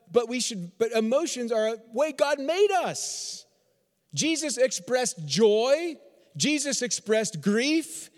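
A pastor from Texas preaching a sermon, driving points home with repeated phrases and rhetorical questions. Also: male voice, very high-pitched, a little mellow, long reverb tail. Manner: repetitive, emphatic rhetorical questions.

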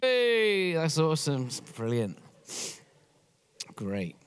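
A man's voice: mid-range voice, moderate pace, fairly bright tone. A man from England with an English accent, a church worship director giving a chatty, joking message to a congregation. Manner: chatty, joking, encouraging crowd. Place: church hall. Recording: long hall reverb.

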